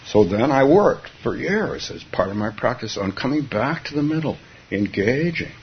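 A man's voice: medium pitch, big pitch swings, moderate pace, slight background noise. A man from California giving a Zen dharma talk, musing aloud with frequent chuckles and restarts. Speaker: Zen teacher. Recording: dull lo-fi recording.

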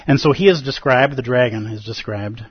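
A man's voice: mid-range voice, normal speed, slightly rough, no room sound. A man teaching a Zen dharma talk to a group, conversational and playful, often tagging lines with "like" and "right?". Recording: dull, lo-fi and dry.

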